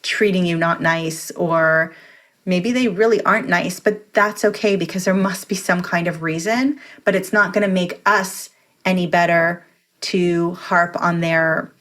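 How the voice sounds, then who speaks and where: A woman's voice: on the low side, fairly even intonation, unhurried, a bit bright. A woman guest on a podcast, talking in an earnest, reflective way and explaining her thoughts at length. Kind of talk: conversational interview.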